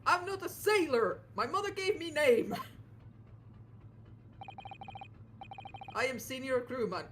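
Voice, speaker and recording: Someone doing a gruff, burly sailor from a game, put-on Russian-style accent, clipped broken phrasing, touchy and proud, noisy home mic. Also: high voice, very animated, moderate pace. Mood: indignant. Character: gruff burly male ship crewman, touchy. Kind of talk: fan voice acting of a game.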